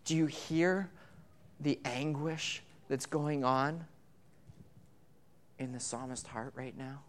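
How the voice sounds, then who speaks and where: A man's voice: mid-range voice, steady tone, takes it slowly, long pauses. Male pastor, conversational sermon, repeats words, church. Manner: conversational, repeats words when starting phrases. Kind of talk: sermon with congregation interaction. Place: church sanctuary.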